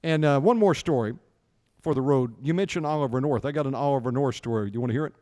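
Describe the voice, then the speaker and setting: The radio host, a middle-aged man from the United States, now speaks at a quick pace in a mid-range voice. He keeps chatting casually, acting out dialogue as he tells lively stories, with a long reverb tail on the audio.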